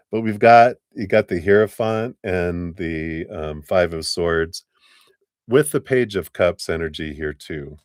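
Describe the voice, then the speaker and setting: A man's voice: sits low, no echo, clean studio sound. A man giving a live tarot reading, chatty and rambling, often breaking into laughter. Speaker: tarot reader.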